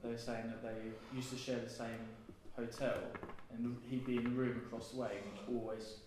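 A man's voice: mid-range voice, little pitch movement, normal speed. A man co-hosting a podcast, explaining earnestly with some hesitation. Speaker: podcast co-host. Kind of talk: casual chat. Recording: echoey room with noise.

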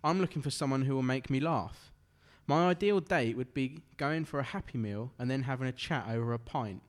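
A man's voice: medium pitch, fairly quick. A young man, a podcast co-host in casual banter who jokes, laughs often and reads a news story aloud. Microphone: studio microphone with headphones.

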